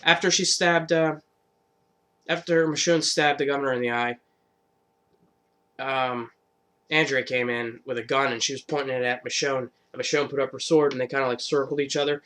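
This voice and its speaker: A man's voice: mid-range voice, fairly even intonation, normal speed, pauses often, a bit bright. A man giving a casual, rambling recap of a TV episode, full of swearing and fillers. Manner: rambling, profane, lots of fillers. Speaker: vlogger.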